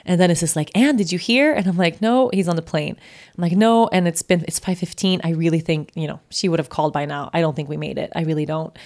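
Female host, lowish voice with some fry, candid and conversational story monologue. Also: quick pace, a little mellow. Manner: candid, chatty, full of fillers. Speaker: podcast host.

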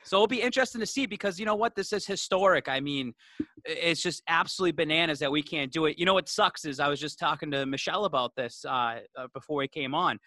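A man co-hosting a sports podcast in casual chat, energetic and excitable. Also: a little high, fast, no echo. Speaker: podcast co-host.

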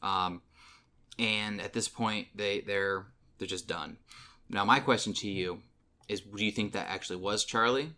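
In a casual film review chat, a male podcast co-host retells movie scenes with lots of ums and restarts. His voice is fairly low and a little slow, with a pushed, bright quality.

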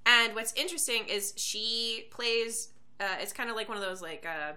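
A woman's voice: on the high side, moderate pace, sharp tone. A woman co-hosting a podcast in casual chat, talking freely with lots of fillers and casual swearing. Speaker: podcast co-host.

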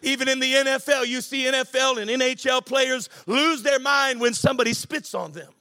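A man preaching a sermon as pastor, impassioned, rising to shouts and a sing-song cadence. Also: very high-pitched, a little fast, soft background music.

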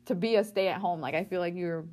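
A woman's voice: on the low side, fairly quick, darkish tone, slight background noise. Gushing, slangy woman in her twenties. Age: 20s. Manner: gushing, slangy, lots of "like" and "you know". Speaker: podcast co-host. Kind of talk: casual chat.

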